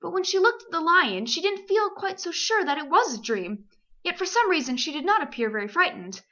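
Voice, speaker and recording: A woman from Canada reading a children's novel aloud in a lively, expressive way. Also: very high voice, brisk, muffled recording. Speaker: amateur audiobook reader. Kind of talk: storybook narration.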